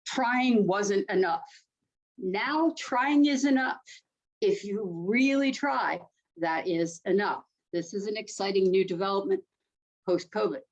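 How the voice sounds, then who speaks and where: A woman giving a webinar presentation in a chatty, joking way with animated asides. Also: fairly high pitch. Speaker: SBA presenter. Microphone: video call. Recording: dull lo-fi webinar audio.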